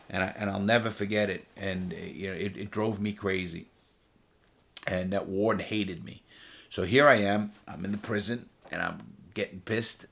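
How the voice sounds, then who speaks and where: A man's voice: low-pitched, steady tone, normal speed, creaky, fairly bright tone. A man, a former prisoner, casually telling his own story to camera, rambling and repeating phrases for emphasis.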